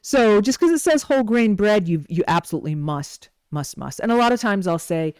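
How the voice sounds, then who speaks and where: A woman's voice: mid-range voice, lively intonation, a little fast, darkish tone, clear, resonant tone, no room sound, studio quality. A woman giving an informal nutrition lesson, chatty and digressive, often checking in with a rhetorical "right?". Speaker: holistic nutrition educator. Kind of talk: informal teaching talk.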